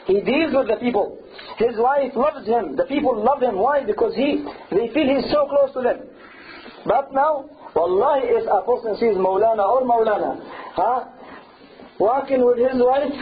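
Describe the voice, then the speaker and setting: A man giving a humorous, animated sermon in English, acting out what others say. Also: high-pitched. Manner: humorous, animated, acts out quotes. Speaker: Islamic preacher. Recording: tinny phone-like audio.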